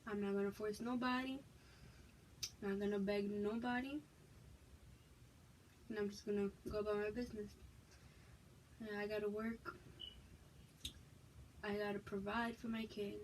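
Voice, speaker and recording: A woman's voice: mid-range voice, level tone, a little slow, long pauses, slight background noise, poor audio. A young woman from Massachusetts, frank and emphatic, telling her personal story to her viewers in a casual vlog. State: pregnant, expecting a child. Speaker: vlogger.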